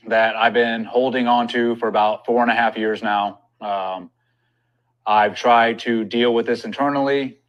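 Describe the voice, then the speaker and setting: A military veteran making a personal video statement, measured and hesitant with many pauses and ums. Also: male voice, medium pitch, fairly bright tone, highs cut off.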